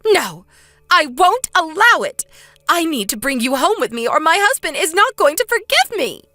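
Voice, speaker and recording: A woman voicing a pushy older mother-in-law who pleads and demands in a high, swooping voice. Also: big pitch swings, moderate pace, sharp tone, dry recording, faint music behind, exaggerated voice. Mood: demanding. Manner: wheedling, then shrill and demanding. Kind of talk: dramatized story dub.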